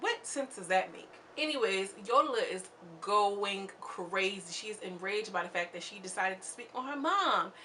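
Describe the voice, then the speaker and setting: A woman hosting her own channel, giving a chatty, slangy, animated recap of a reality show. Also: mid-range voice, normal speed, hardly any pauses, slight background noise. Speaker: channel host.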